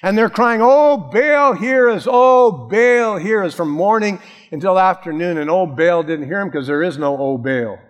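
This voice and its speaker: A man preaching a sermon as a pastor, telling the story with animated, acted-out quoted voices. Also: a little high, in a large hall.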